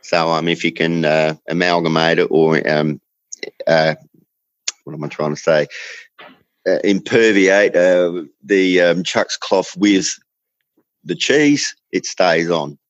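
Australian man, relaxed rambling storyteller, lower voice, dry close sound. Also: no room sound, dull audio. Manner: rambling storyteller, drawn-out emphasis. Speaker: fishing guest. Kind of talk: casual chat.

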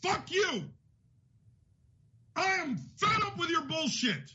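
A man's voice: very high voice, big pitch swings, slow, pushed and bright. Furious profane man ranting. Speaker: podcast host. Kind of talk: angry profane rant. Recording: dull lo-fi audio.

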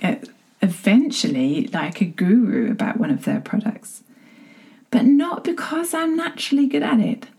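A woman's voice: fairly low pitch, dark tone. A middle-aged woman with a British accent, giving a chatty, self-deprecating motivational talk to camera and often checking in with her listeners. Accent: British English.

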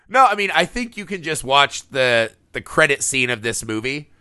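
Guy on a podcast, bright voice, dry sound, laughs a lot and swears, super animated. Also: mid-range voice, moderate pace, clear, resonant tone, no room sound. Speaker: podcast host. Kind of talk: casual podcast film chat.

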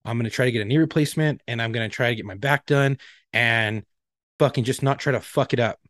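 A man's voice: medium pitch, fast, a bit bright, no echo, clean studio sound. A man in his thirties, co-hosting a casual podcast, telling blunt, profane stories about his pain and his doctors. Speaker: podcast co-host. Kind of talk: casual chat.

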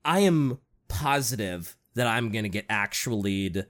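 A man hosting a casual, rambling chat, animated and giggly, with frequent swearing. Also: fairly low pitch, unhurried.

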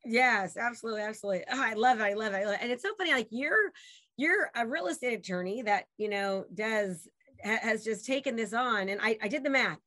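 Woman host, bright sharp voice, enthusiastic, dry close sound, video call. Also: a little high, fast, no echo. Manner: enthusiastic, effusive. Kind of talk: casual interview chat.

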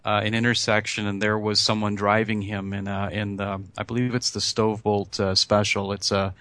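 A man answering interview questions as a podcast guest, pausing often with ums and restarts. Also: fairly low pitch, little pitch movement, fairly bright tone, dry recording. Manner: hesitant, many ums and restarts. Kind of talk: casual interview.

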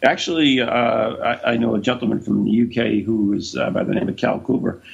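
Brief: gravelly male host, lively and husky, jokey questions, lo-fi. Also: medium pitch. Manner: joking, halting questions. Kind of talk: casual interview. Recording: muffled lo-fi audio.

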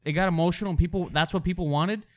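A young man in casual chat, relaxed and agreeable, sometimes mimicking characters for a laugh. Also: high voice, fast talker.

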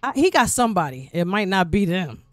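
A woman's voice: on the low side, big pitch swings, brisk. A middle-aged woman guest-hosting a podcast, telling stories in a chatty, rambling way. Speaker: guest host. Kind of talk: casual podcast chat.

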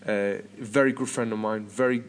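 A man's voice: on the low side, steady tone, normal speed, slight background noise. A British man in his thirties hosting a podcast, chatting casually and rambling with lots of restarts and repeated words. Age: 30s. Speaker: podcast host.

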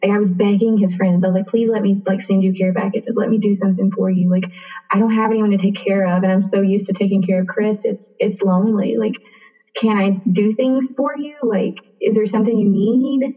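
A young woman recounts her story in a loose, chatty way, full of fillers and little acted-out bits of dialogue. Her voice sits at an ordinary middle pitch. It comes through thin and narrow, like a phone line. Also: steady tone, fairly quick. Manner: chatty, many fillers, acts out quoted dialogue. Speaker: interview guest. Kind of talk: casual personal storytelling.

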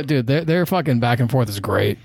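A man co-hosting a casual movie podcast. He tells scenes in an animated way and swears. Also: medium pitch, gravelly, slightly rough, no echo. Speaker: podcast co-host.

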